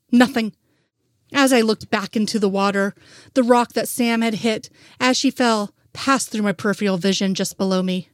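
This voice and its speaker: A woman's voice: a little high, no echo. Woman narrating a fanfic, dry sound. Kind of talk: first-person audiobook narration.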